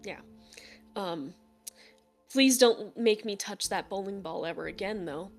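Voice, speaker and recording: A woman's voice: medium pitch, a little slow, faint music behind. A woman voicing a grumpy old man who keeps a bowling alley, grumbling and reluctant. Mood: gruff.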